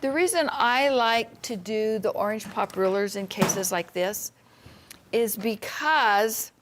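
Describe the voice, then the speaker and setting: A woman's voice: medium pitch, slow pace, fairly bright tone, a little hiss or hum. A woman co-hosting a live quilt-shop sewing demo, reading out viewer comments and explaining cutting tips.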